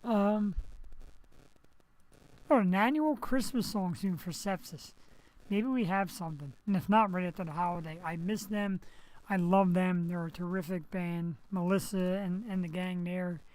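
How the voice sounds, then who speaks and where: A man's voice: high voice, unhurried, darkish tone, rough recording. A man hosting a live web show from home, chatting casually and rambling through jokey asides while recovering from surgery, on a headset mic. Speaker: host. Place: home setup, streaming.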